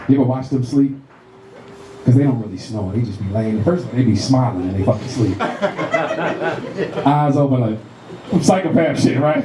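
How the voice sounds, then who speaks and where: A middle-aged man doing stand-up comedy, telling animated profane stories and working the crowd on a club stage. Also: mid-range voice. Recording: roomy club with audience laughter.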